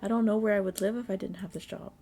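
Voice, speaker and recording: Woman doing a nervous young miner begging not to lose his job, slow and earnest. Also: mid-range voice, fairly even intonation, vocal fry, dark tone, husky, soft background music. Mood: worried. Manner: pleading, worried. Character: young male miner, anxious about money.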